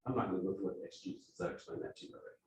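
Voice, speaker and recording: A man with a Texas accent leading a church evangelism workshop, talking conversationally and acting out quotes in lively asides. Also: low-pitched, very fast, slight background noise. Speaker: evangelism trainer. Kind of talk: workshop teaching. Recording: echoey room, from far off.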